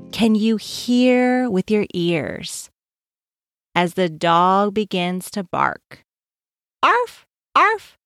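A woman reading a children's story aloud in a gentle way, pausing to ask the listening child questions. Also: mid-range voice.

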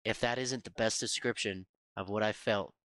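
A man's voice: fairly low pitch, steady tone, moderate pace, a bit bright, no echo. A young man on a podcast telling a story about basic training in casual chat, cursing and laughing often. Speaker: podcast co-host.

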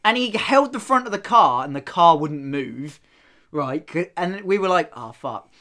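Lively young man telling a story. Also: high-pitched, normal speed. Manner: swearing, animated, acts out the people he quotes. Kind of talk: casual storytelling chat.

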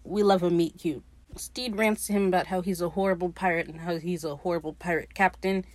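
Woman, lowish voice, dry close sound; casual foul-mouthed recap host who gushes over the show. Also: steady tone, fairly quick, dry recording. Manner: profane, gushing, quotes characters in her own voice. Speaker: podcast host.

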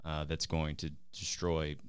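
A man co-hosting a casual show, explaining things in a relaxed way. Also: rumbling low, a little slow, clear, resonant tone. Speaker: co-host, mortgage advisor. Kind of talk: casual chat.

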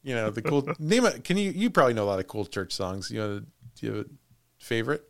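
A man's voice: medium pitch, fast talker, gravelly, fairly bright tone. A man hosting a podcast, telling a haunted-house story in casual chat. He laughs often and trails off into restarts.

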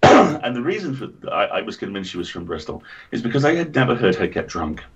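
A man's voice: medium pitch, brisk, highs cut off. A man with an English accent, co-hosting a casual podcast chat and telling stories with lots of swearing. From England. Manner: swears freely, animated storyteller. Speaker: podcast co-host.

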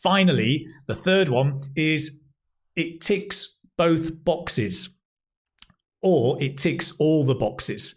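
A man's voice: fairly high pitch, lively intonation, very slow. A man teaching English, explaining phrases patiently one at a time and chatting with a colleague. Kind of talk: explaining vocabulary, casual chat.

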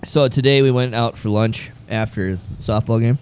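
A man's voice: mid-range voice, steady tone, moderate pace, darkish tone, smooth. A man casually telling a rambling, profane anecdote to his co-hosts, acting out the other people's voices. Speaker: podcast co-host. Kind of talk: casual storytelling chat.

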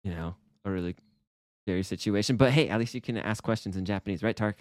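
A man's voice: lowish voice, quick pace, no room sound, clean studio sound. A man co-hosting a casual Japanese lesson podcast, explaining in a playful, upbeat way. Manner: upbeat, playful explaining with acted example phrases. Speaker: co-host teaching Japanese.

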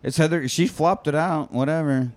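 Male podcast co-host, slightly high voice, animated profane recapper. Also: normal speed. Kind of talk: casual chat.

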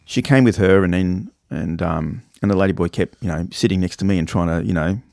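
Man, low voice, rambling travel story, dry close sound. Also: brisk, vocal fry, darkish tone, dry recording. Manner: rambling, acts out quoted voices. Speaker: podcast co-host. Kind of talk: casual storytelling chat.

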